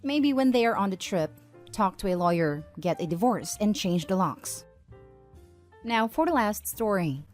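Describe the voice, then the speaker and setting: A woman reads online posts aloud at an even, steady pace, her voice sitting at an ordinary middle pitch. Soft music plays faintly behind her. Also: a little slow. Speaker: narrator.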